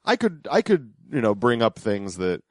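A man's voice: medium pitch, wildly swooping pitch, normal speed, no echo. A man co-hosting a podcast, talking casually about radio clips with lots of fillers and restarts. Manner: hesitant, many fillers and restarts. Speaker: podcast co-host.

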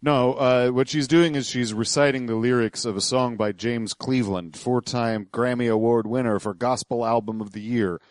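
A man's voice: mid-range voice, steady tone, moderate pace, hardly any pauses, no echo, clean studio sound. A man hosting a podcast, explaining clips in a digressive, hesitant way. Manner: digressive, hesitant, lots of uhs and restarts. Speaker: podcast host. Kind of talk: casual podcast commentary.

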